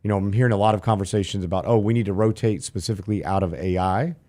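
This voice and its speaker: A finance talk show co-host with a fairly low, mellow voice races through rambling questions. He jokes and fills his speech with lots of fillers.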